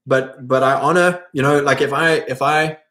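A man with a South African accent talks casually, in a loose, rambling way. His voice sits at an ordinary middle pitch. He fills his talk with fillers and restarts. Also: fairly even intonation, normal speed, sharp tone. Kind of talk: casual monologue.

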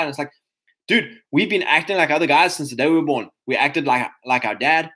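Rambling man with a higher voice. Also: fairly quick, sharp tone. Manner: rambling, conversational, many fillers and restarts; addresses listeners as chaps. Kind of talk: casual motivational talk to men.

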